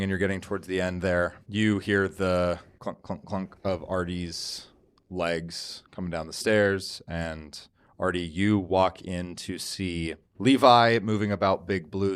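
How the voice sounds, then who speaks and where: Deep-voiced man narrating a tabletop game. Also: smooth. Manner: calm, descriptive narration. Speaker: game master.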